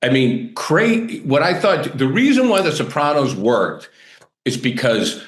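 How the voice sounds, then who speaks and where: A male host with a middle pitch and a very lively, swinging intonation, rambling keenly through his points. His voice carries a roomy echo. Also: measured pace. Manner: enthusiastic, rambling, full of fillers. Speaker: podcast host. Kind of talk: interview conversation.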